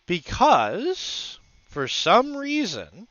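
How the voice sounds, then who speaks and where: Slow-paced and high-pitched, with huge swings in pitch and a pushed, bright tone, a man rambles to his livestream audience and to himself while setting up a 3D print. The audio is dull and echo-free.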